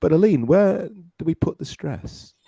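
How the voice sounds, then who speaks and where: A man hosting an English teaching podcast, encouraging his student, praising often and drilling words slowly. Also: a little high, expressive, creaky, dark tone, slightly rough, no echo.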